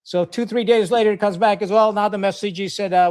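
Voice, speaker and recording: A middle-aged man with a notably high-pitched voice tells a long story as a podcast guest. He is blunt and profane and acts out both sides of old arguments. His delivery is casual and animated. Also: fast, hardly any pauses. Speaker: podcast guest, retired Marine officer.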